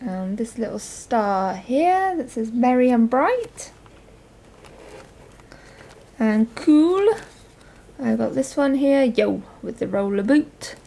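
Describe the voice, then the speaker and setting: A woman's voice: on the high side, very animated, takes it slowly, creaky, pauses often, dark tone, slight background noise. A young woman chatting casually through a show-and-tell of her journal and crafts, rambling with lots of ums. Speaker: crafting vlogger.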